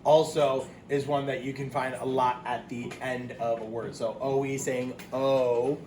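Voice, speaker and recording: A man's voice: mid-range voice, little pitch movement, measured pace. A man teaching a phonics lesson, patiently drilling words and praising the class, with frequent ums. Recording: echoey room with loud background hiss.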